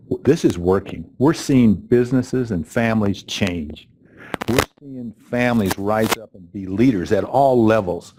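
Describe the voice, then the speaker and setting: A middle-aged man with a lowish, slightly mellow voice opens a training event by telling a story to a live audience, keynote-style. He's chatty and conversational, using fillers and correcting himself along the way. The recording carries a faint hiss or hum.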